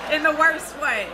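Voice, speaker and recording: A woman hosting a reaction video, giving casual, animated comments between clips. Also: high voice, heavy background noise. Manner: animated, laughing interjections.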